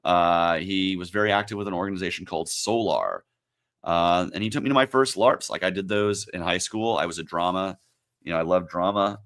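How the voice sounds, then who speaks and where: A man turning forty, hosting his own livestream and talking in a reflective, halting, emotional way, with many pauses and fillers. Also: low voice, fairly bright tone. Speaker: livestream host. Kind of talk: casual livestream talk.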